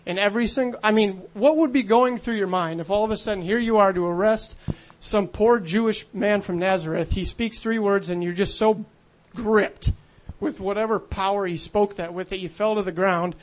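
A man's voice: sits high, moderate pace. A man preaching a sermon in an earnest, conversational way, with frequent fillers.

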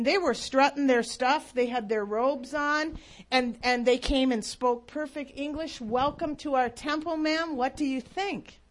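A woman telling a faith story as a sermon, earnest and emphatic. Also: fairly high pitch. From United States. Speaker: speaker.

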